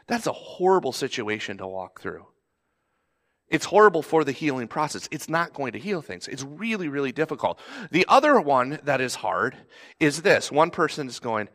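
A man, a pastor, preaching a sermon in a conversational way, now and then acting out pleading voices in a sharply raised pitch. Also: big pitch swings, normal speed, a bit bright.

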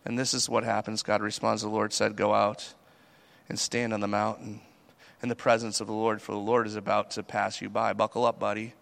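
Gravelly, bright-voiced male preacher. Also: lowish voice, a little fast. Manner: animated, conversational preaching. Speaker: pastor. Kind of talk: sermon.

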